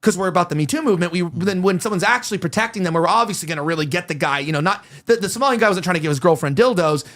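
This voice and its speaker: Male host, commentary chat, quick pace, higher voice, heated, rambling. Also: a bit bright. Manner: rapid, heated, rambling, with many restarts and quoted voices. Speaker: show host.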